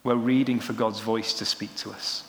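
A young adult man preaching a sermon, with animated storytelling and a lively manner. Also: on the low side, normal speed, vocal fry, slight background noise. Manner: animated storytelling, rising excitedly when joking. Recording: roomy hall with long reverb.

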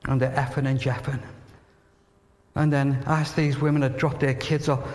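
A man preaching a sermon, earnest and emphatic, telling stories and dropping to a hush at tender moments. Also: mid-range voice, level tone, normal speed. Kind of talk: sermon with storytelling. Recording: reverberant hall.

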